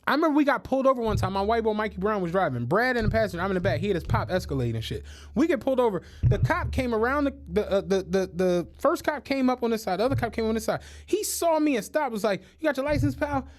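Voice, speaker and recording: A man co-hosting a podcast, telling stories in casual chat, animated and full of swearing and laughter. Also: high-pitched, fast, hardly any pauses. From United States. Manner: animated storytelling, swears a lot, laughs often. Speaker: podcast co-host.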